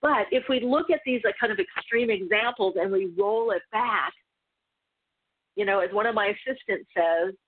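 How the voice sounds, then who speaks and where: A woman's voice: mid-range voice, normal speed. A woman spiritual teacher telling a story in a casual, rambling way, full of asides and restarts. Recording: tinny phone-like line.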